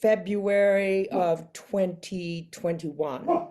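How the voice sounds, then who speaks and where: An older woman as an interview guest, telling a story in casual chat, animated and acting out the voices she quotes with frequent laughs. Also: medium pitch, very slow.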